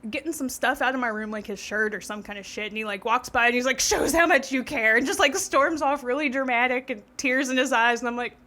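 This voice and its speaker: A woman, co-hosting a podcast and telling a story in casual chat, animated and laughing. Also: fairly high pitch, fast talker, hardly any pauses. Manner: animated, laughing, swearing freely. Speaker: podcast co-host.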